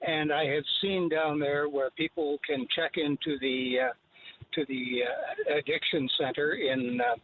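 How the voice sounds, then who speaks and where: A man in his eighties calling in to a radio show, speaking in a halting way with frequent pauses. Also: fairly high pitch, dry recording. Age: 80s. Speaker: caller. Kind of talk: phone-in opinion. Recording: tinny phone line.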